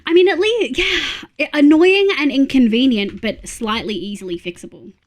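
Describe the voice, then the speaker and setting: Brief: Australian woman, streamer, chatty and sweary, voice a touch high. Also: moderate pace. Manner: chatty, swears freely, giggly. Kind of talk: casual live-stream chat.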